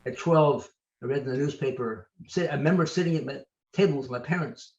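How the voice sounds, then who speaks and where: An older man, an author, telling lively anecdotes as an interview guest, often restarting his sentences. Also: mid-range voice, fairly quick, reverberant, lo-fi sound. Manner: animated, anecdotal, trails off and restarts. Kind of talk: storytelling interview answers.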